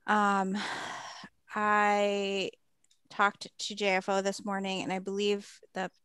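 A woman's voice: medium pitch, monotone, takes it slowly, a bit bright, clean tone, dry recording. A woman explaining funding details in a committee meeting, careful and methodical.

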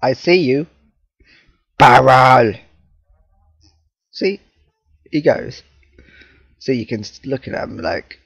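A man's voice: medium pitch, lively intonation, slow, gravelly, long pauses, breathy edge, no room sound. A man commentating his own horror game play, jumpy, swearing, laughing and talking to objects in the game. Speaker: gaming channel host.

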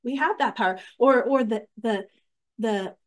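A woman's voice: fairly high pitch, measured pace. A young woman teaching a women's Bible study, earnest and chatty, with many fillers and restarts.

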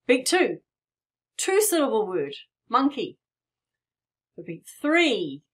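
Slow, lively-voiced woman teaching piano. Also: a little high. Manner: playful and encouraging, demonstrates while playing. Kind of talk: friendly tutorial explaining rhythm at the piano. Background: piano playing.

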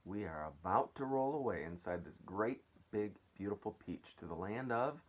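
A man voicing a kind, gentle female ladybird in a read-aloud storybook, speaking calmly and reassuringly. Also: fairly low pitch, moderate pace, husky. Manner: calm, reassuring storybook reading.

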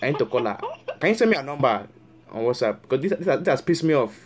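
A man's voice: mid-range voice, very animated, fast. A man making a prank call as a fake counselor, scolding and repeating himself angrily. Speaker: prank caller posing as a counselor.

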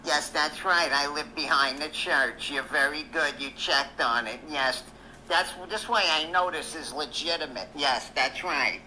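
A prank caller voicing a feisty elderly churchgoer who talks slowly and teasingly on a scam call. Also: mid-range voice, bright, forceful tone, a little hiss or hum, poor audio. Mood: sweetly slow. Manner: slow, drawn-out, teasing. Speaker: scam baiter.

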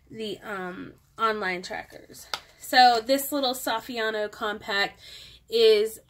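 A woman with a fairly high voice, talking in a relaxed show-and-tell way about her planner. She rambles, backs up and breaks off mid-sentence in a chatty manner. She sounds like she is sitting at a desk with a camera mic. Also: a little hiss or hum. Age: adult parent. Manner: chatty, rambling, self-interrupting. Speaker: planner vlogger. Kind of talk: casual show-and-tell chat.

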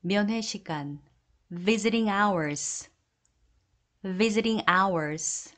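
In a mid-range, slightly bright voice, a woman works through an English vocabulary list. For each entry she gives the Korean term, then says the English phrase twice, slow and deliberate.

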